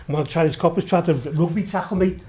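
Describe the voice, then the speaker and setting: A man's voice: a little high, rapid-fire, a little mellow, slight background noise. A middle-aged man with a Liverpool accent, swearing and laughing his way through rambling stories as a podcast guest. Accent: Liverpool (Scouse). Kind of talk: casual anecdotal chat.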